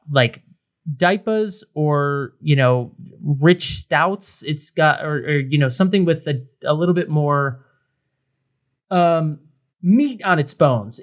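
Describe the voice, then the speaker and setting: A man co-hosting a beer podcast, talking casually with lots of fillers and restarts. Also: a little high. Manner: rambling, many fillers and restarts. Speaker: podcast co-host. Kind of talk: casual beer review chat.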